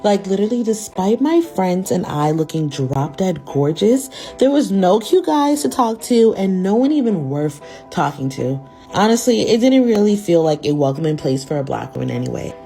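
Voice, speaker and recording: Animated woman in her twenties. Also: on the low side, normal speed, soft background music. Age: 20s. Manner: animated, dramatic. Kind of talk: casual storytime to camera.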